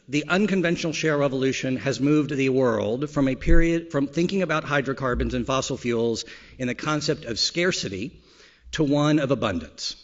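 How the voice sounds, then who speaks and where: A man speaks at a conference keynote in a loose, joking way, full of ums and uhs. His voice sits in a middle register. The recording is a little muffled and lo-fi. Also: medium pitch. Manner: relaxed, joking, frequent fillers. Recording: slightly dull, lo-fi sound.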